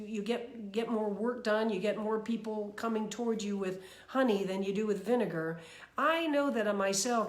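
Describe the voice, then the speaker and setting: Chatty woman in an echoey room. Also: medium pitch. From New York. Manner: chatty, animated, lots of fillers and restarts. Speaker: speaker sharing personal mantras. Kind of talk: casual motivational talk.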